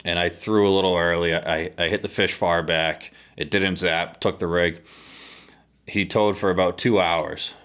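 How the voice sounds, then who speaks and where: A low-pitched man from the northeastern United States recounts a harpooning trip in casual podcast chat. He swears freely and turns animated when he tells the story. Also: unhurried, smooth. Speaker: podcast guest, harpoon fisherman. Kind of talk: casual storytelling over beers.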